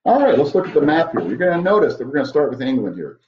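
A man teaches a history lesson, leading a map walkthrough with a joking manner. His fairly high voice is very animated and rapid-fire, recorded in an echoey room with dull lo-fi sound.

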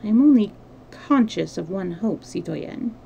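A woman's voice: medium pitch, animated, a little slow, vocal fry, mellow, a little hiss or hum. A woman reading the lines of a desperate young noblewoman in an urgent, pleading voice.

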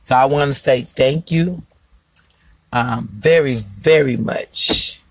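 Brash foul-mouthed comic ranting to a live stream; gravelly, husky, fairly high voice. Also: male voice, slow, dry recording, poor audio. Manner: brash, foul-mouthed, talks straight to viewers. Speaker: comedian. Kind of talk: profane live-stream rant to viewers. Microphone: phone.

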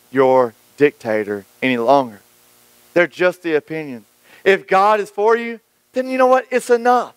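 A high, smooth-voiced man preaches from the pulpit, dropping to a hush and then climbing to an excited pitch. He slips into quoted voices as he goes. The sound is dry and close. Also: no echo, rough recording. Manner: dynamic preaching with wide swings between hushed and raised delivery; acts out quoted voices of church folk and critics. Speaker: pastor. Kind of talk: sermon.

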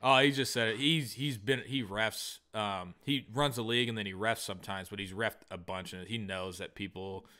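A man chats on a comedy podcast with a bright, forceful voice. He tells his stories casually and swears freely, and he acts out the other people in them. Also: lowish voice, normal speed, few pauses. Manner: profane storyteller, animated retellings. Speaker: podcast co-host.

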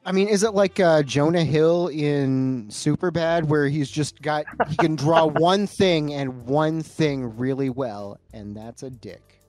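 A man co-hosting a casual movie-review podcast, riffing on pop culture in a relaxed, rambling way. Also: a little high, measured pace, hardly any pauses, dry recording, soft background music. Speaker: podcast co-host. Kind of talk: casual movie-review chat over beer.

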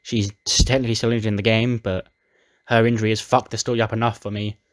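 A man narrates a wrestling game story in a casual, chatty way. His voice sits low, and he retells events with animated energy. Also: fast talker. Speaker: let's play narrator.

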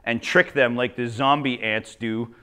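A man from Ontario, a teacher telling jokey, animated stories in a conference talk. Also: mid-range voice, measured pace, clear, resonant tone. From Ontario, Canada. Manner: animated, jokey, acts out quoted voices. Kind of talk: humorous storytelling presentation.

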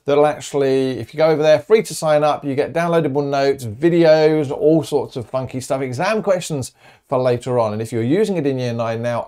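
A man's voice: mid-range voice, mellow. A middle-aged man teaching a recorded maths lesson in a chatty, upbeat and encouraging way, talking straight to his students.

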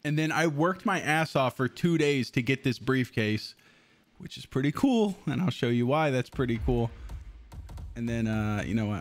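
A man streaming a video game, chatting casually, swearing freely and laughing often. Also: mid-range voice. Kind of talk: casual live-stream chat.

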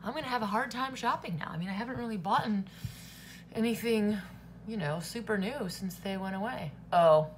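A woman's voice: mid-range voice, brisk, echoey room, slight background noise, low-quality recording. A woman in her thirties vlogging casually from her home kitchen, chatty and jokey, slipping into silly sung bits. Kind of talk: casual vlog chat. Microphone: camera on a tripod.

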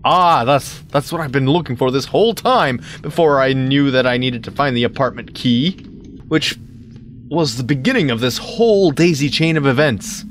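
A man's voice: mid-range voice, animated, normal speed, slight background noise. A man hosting a let's play, rambling in casual gameplay commentary with self-mocking asides. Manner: rambling, self-mocking, lots of sudden yelps.

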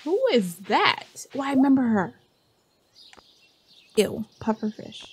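A woman's voice: a little high, expressive, slow, slightly rough. A young woman giving casual, chatty commentary while playing a game, often scolding the characters on screen. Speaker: gameplay streamer.

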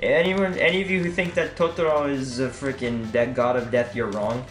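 A man's voice: mid-range voice, fairly even intonation, moderate pace, fairly bright tone, echoey room. A young man rambling and joking through let's play commentary, often muttering. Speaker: gamer.

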